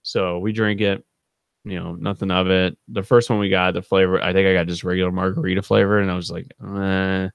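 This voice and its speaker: A man with a very low, gravelly voice tells a long, rambling story, casual and laid-back. The sound is close and dry, with no room echo. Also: level tone, fast talker. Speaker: channel co-host.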